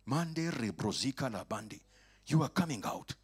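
A man delivers a fervent sermon in a slightly husky voice. His pitch leaps and dips constantly, and he swings between hushed asides and ringing, raised declarations as he calls on the congregation to answer back. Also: animated, moderate pace. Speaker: preacher. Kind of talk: lively sermon. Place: church or worship hall.

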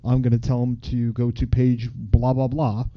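A man's voice: medium pitch, completely flat delivery, normal speed. A man co-hosting a casual podcast, explaining things in a rambling way with lots of fillers. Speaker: podcast co-host. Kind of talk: casual chat. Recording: dull lo-fi recording.

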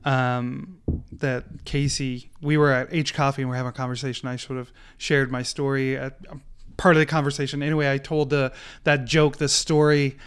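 A man, a podcast guest, telling a story in an animated, casual way. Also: mid-range voice, brisk, clear, resonant tone. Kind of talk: casual conversation.

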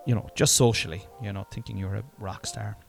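A man's voice: lowish voice, steady tone, a little fast, gravelly, soft background music. Rambling, self-mocking Irishman in his forties. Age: 40s. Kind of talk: casual rambling monologue.

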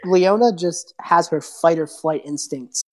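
A woman game master narrating a tabletop game, animated and swearing casually as she voices the characters. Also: deep voice, measured pace.

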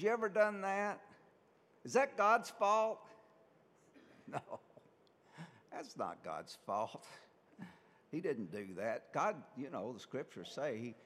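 Priest preaching with lively pitch. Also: male voice, big-room sound. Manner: conversational preaching with rhetorical questions. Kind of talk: sermon.

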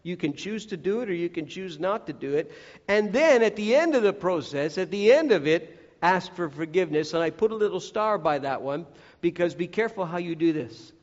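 A high-voiced man preaching an earnest sermon, talking straight to his listeners and acting out the voices he quotes. His voice rings through a large hall with a long echo. The recording is dull and lo-fi. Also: expressive, fairly quick. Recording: echoey hall, dull lo-fi sound.

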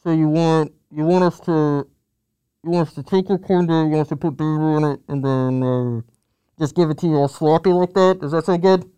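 A man's voice: fairly high pitch, fairly even intonation, fairly quick, dark tone, smooth, no echo, voice pushed up, natural voice, poor audio. A man voicing a harried male drive-thru worker who stammers and keeps apologizing. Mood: flustered.

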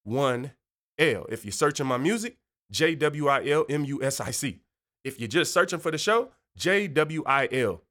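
A man's voice: a little high, expressive, normal speed, fairly bright tone. A man hosting a faith podcast in a chatty, slangy way, going off on tangents and playfully slipping into joking voices. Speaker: podcast host. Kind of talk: casual faith podcast monologue.

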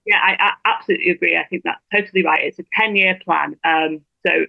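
Fast-talking woman on a tinny phone line. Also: lowish voice, steady tone, gravelly, no room sound. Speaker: guest blogger. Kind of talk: interview over a phone line.

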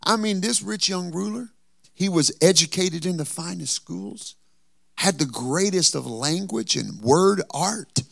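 A man's voice: high voice, unhurried, gravelly, no echo, studio quality. A man preaching a sermon as pastor, acting out the people in the story with humor. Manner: preaching with lively acted-out quotes and humor.

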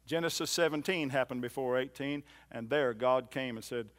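A man preaching a sermon in a church, swinging from loud emphatic lines to soft low ones and repeating phrases for emphasis. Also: moderate pace. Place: church hall.

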